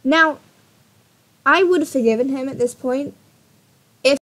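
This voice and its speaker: A young woman vlogger retelling a personal story in an animated way, swearing and laughing. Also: sits high, measured pace.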